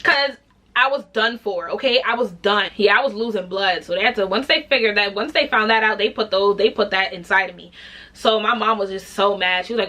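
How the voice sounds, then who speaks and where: A young woman telling a story in a casual vlog, animated and candid, swearing freely and acting out other people's voices. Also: medium pitch, fairly quick. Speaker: vlogger.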